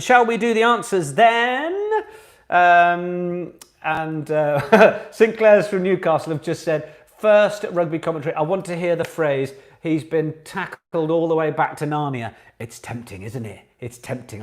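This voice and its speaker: An animated man with a fairly high voice runs a live online pub quiz for a charity fundraiser. He chats warmly with his players and bursts into sung lines when reading the answers out. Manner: chatty, animated, sings out quote answers.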